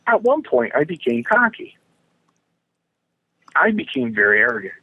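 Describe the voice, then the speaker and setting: An older man, a retired wrestler, telling animated backstage stories as a podcast guest, talking to the hosts as "guys" and repeating his phrases for effect. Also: on the high side, moderate pace, slightly rough, dry recording. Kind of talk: anecdotal storytelling. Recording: tinny phone line, dry.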